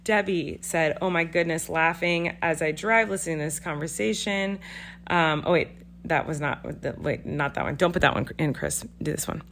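A woman's voice: low-pitched, moderate pace, slight background noise. A woman in her thirties co-hosting a podcast in casual chat, rambling and sleepy, with yawns in her talk. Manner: rambling, animated, sleepy and yawning. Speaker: podcast co-host.

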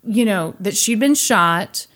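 A woman hosting a podcast, retelling a true crime story in casual chat with animated, sarcastic asides. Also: mid-range voice, slow pace.

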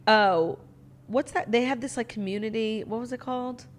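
A young woman co-hosting a podcast in casual chat, chatty and quick with lots of filler words. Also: a little high. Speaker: podcast co-host.

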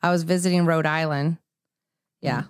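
Wry wife with a lowish, dry voice. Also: female voice, fairly even intonation, smooth, dry recording. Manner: quick questions, wry interjections. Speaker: podcast co-host, wife. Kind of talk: casual family podcast chat.

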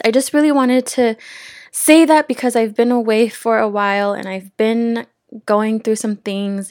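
A woman's voice: medium pitch, dry recording, studio quality. A young adult woman hosting a casual wellness podcast, earnest and effusive, a little out of breath. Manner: earnest, effusive and grateful, repeating words for emphasis. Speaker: podcast host.

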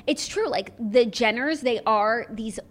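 Gushing, slightly high-voiced woman co-host. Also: measured pace. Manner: enthusiastic, gushing, heavy use of "like". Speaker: podcast co-host. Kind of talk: casual pop-culture chat.

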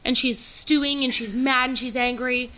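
A podcast co-host with a high, bright, sharp voice. She chats casually and swears easily. She retells stories with dry, wry timing. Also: steady tone, moderate pace. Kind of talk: casual chat.

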